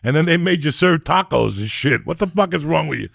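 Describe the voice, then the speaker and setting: Gravelly older man, profane storyteller. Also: a little high, lively intonation, brisk, fairly bright tone. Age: 60s. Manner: profane, rambling, teasing storyteller. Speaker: podcast host. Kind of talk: casual chat and storytelling.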